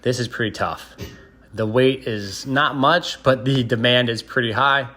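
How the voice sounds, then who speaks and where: A man giving a calm, steady voice-over of his training, explaining each exercise and urging care. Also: mid-range voice, unhurried. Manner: steady, explanatory, cautious coaching tone. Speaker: fitness vlogger. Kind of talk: voice-over workout breakdown.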